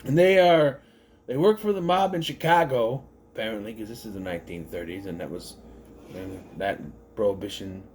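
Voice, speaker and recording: A man's voice: fairly low pitch, moderate pace, darkish tone, slight background noise. A man giving a casual spoken movie review, rambling and correcting himself as he thinks aloud.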